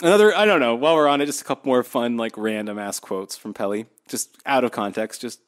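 A man hosting a podcast in casual chat, animated and profane, laughing often. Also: mid-range voice, quick pace. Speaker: podcast host.

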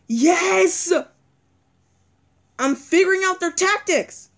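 A woman's voice: very high voice, animated, takes it slowly, pauses often, a bit bright. A young woman commenting on a video game as she plays, anxious and pleading, often repeating words and crying out. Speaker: gaming video creator. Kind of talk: let's-play commentary.

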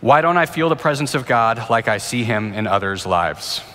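A man's voice: medium pitch, animated, moderate pace, bright, forceful tone. A male pastor in his thirties preaching and answering questions in an earnest, conversational way, often restarting phrases. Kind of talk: sermon with Q&A. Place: church auditorium. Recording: reverberant church hall.

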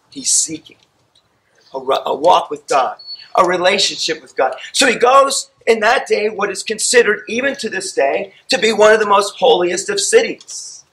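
High bright-voiced pastor guy preaching, acts out the story, kinda out of breath. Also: poor audio. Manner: animated storytelling, acting out scenes. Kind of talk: sermon.

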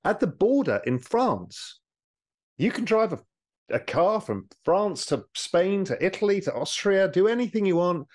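A British man speaking as an interview guest, animated and explanatory, with a lively way of making his points. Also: sits high, a little slow. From Britain. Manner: animated, explanatory, mimics people for effect. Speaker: guest, former hedge fund manager. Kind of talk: conversational interview.

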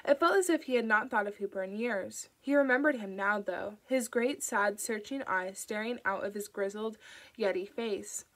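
A woman narrating an audiobook in a calm, even storytelling manner. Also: mid-range voice, normal speed, rough recording. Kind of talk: audiobook reading.

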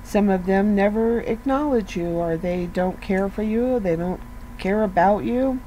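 A woman's voice: mid-range voice, unhurried, mellow, slight background noise, low-quality recording. A woman giving a casual devotional talk, conversational and earnest, asking her listeners rhetorical questions and often saying "you know". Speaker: devotional speaker.

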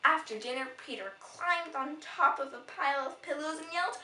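A woman reading a children's storybook aloud in an animated, expressive way, in a roomy, distant recording. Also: high-pitched, moderate pace. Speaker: storybook reader.

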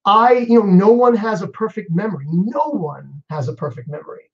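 A man's voice: high-pitched, animated, brisk. A male psychologist speaking on an online panel, thoughtful and hesitant with frequent restarts. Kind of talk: online panel answering questions. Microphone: video call. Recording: dull lo-fi video call audio.

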